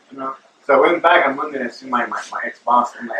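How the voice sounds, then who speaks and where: Rambling bright-voiced man in an echoey room. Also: mid-range voice, very fast, slight background noise. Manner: rambling, filler-heavy, calls listener bro. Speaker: show host. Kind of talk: casual storytelling. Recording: roomy echo, distant from mic.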